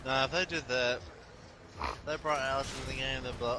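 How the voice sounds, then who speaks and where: A man's voice: mid-range voice, steady tone, fairly quick, pushed and bright, a little hiss or hum. A man chatting casually with a friend over a game stream, laid-back with crude wisecracks. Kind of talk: casual gaming chat.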